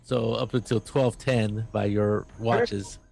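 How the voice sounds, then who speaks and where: A man narrating as game master of a tabletop role-playing game, halting and full of fillers. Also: lowish voice, steady tone, vocal fry, a little mellow, husky. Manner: halting, filler-heavy narration with quick voices for NPCs.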